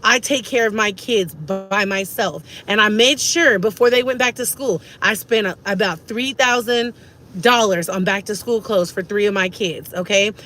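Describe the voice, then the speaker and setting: A woman's voice: mid-range voice, normal speed, pushed and bright. A woman, ranting emphatically to camera as a vlogger and repeating herself for stress.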